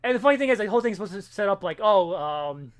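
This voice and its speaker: A man's voice: high voice, expressive, smooth. A man co-hosting a podcast, rambling through comic plot recaps with lots of swearing. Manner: rapid rambling recaps with profanity. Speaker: podcast co-host. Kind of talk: casual comic book discussion.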